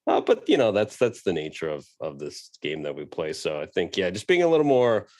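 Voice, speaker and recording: Male panelist, 30s, very low voice, casual and self-deprecating, dry recording. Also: very animated, fairly quick, darkish tone, no room sound. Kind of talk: virtual panel discussion.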